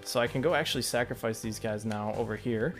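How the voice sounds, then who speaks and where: A man giving casual let's play commentary, thinking aloud and getting excited at close calls. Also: medium pitch, fast, faint music behind. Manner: chatty, excitable, thinks aloud about each move. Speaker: gameplay commentator.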